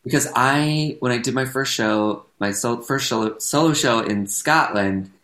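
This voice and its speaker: A man's voice: medium pitch, a little slow. Rambling American man in a roomy room. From United States. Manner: rambling, self-correcting, animated. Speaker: actor and comedian guest. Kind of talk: casual podcast chat. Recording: roomy echo.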